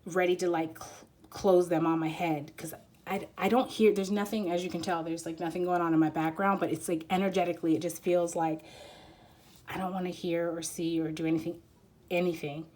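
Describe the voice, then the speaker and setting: Halting, soft-spoken woman reading cards. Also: lowish voice, level tone. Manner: rambling, halting, emotional, many "like" fillers. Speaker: tarot reader. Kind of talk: intuitive card reading. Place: quiet room at home.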